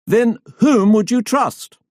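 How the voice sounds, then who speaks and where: A man voicing an older Scottish politician who speaks in a tight, measured way. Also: a little high, very animated, darkish tone, dry recording, studio quality. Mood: firm. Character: older male politician, firm and reasonable.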